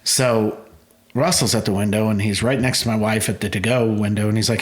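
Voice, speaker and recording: Casting: man in his forties, guest telling animated anecdotes. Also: lowish voice, fairly quick. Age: 40s. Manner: animated storyteller, acts out quoted voices. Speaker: guest, food truck owner. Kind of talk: casual storytelling interview.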